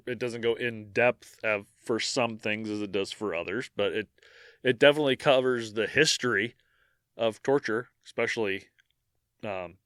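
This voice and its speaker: Bright-voiced man telling history on a podcast. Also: lowish voice, clear, resonant tone, dry recording, studio quality. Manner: reads the history part, with fillers and restarts between. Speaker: podcast co-host. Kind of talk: casual chat and narrated history segment.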